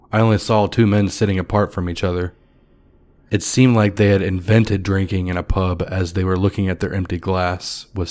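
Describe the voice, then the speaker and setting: Deep-voiced man narrating a horror story. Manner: measured, somber storytelling.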